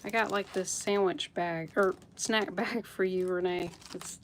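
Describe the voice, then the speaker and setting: Woman, live sale host, relaxed slow pace, casual chat, friendly greetings, frequent laughs. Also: fairly low pitch, noisy background. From United States. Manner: chatty, laughs often, greets viewers by name.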